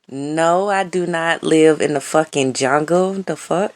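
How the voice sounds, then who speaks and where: A woman's voice: on the low side, a little slow, hardly any pauses. A woman in her thirties recording a phone voice message, telling a story in a profane, incredulous, casual way. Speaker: guest storyteller.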